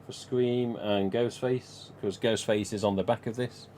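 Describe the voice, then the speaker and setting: A man's voice: fairly low pitch, steady tone, unhurried, mellow, a little hiss or hum. A man hosting a live stream, talking casually in a chatty, rambling way with frequent chuckles. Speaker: live stream host and collector.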